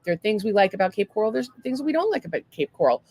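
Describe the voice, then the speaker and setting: A woman's voice: mid-range voice, sing-song, racing, darkish tone, breathy edge, no room sound. A woman with a Boston accent co-hosting a podcast, chatting casually and reading listener comments with lots of swearing. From Massachusetts. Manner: profane, rambling, reads listener comments aloud. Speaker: podcast co-host. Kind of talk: casual chat.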